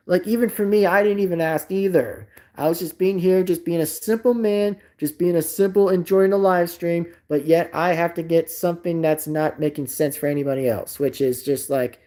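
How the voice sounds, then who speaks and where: A man's voice: sits high, normal speed, few pauses, warm tone. A man live streaming in casual chat, rambling and repeating himself, swearing indignantly at a rude comment.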